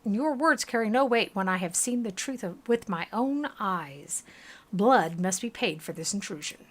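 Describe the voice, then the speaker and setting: A woman's voice: medium pitch, lively intonation, normal speed, close to an everyday voice. A woman with a Southern US accent voicing a towering, stern bearded male warrior who issues threats, read aloud from game text. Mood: threatening.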